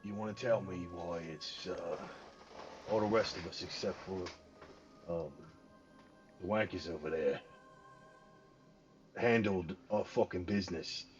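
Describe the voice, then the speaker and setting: A man doing a gruff, foul-mouthed tavern brawler. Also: low voice, fairly even intonation, moderate pace, pauses often, darkish tone, highs cut off, faint music behind, natural voice. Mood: menacing. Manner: crude British slang, confrontational.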